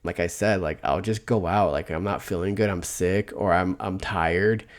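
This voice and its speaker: A man's voice: sits low, steady tone, normal speed. A man co-hosting a casual podcast chat, rambling and stammering a lot, often mocking himself. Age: adult, older than before. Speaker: podcast co-host.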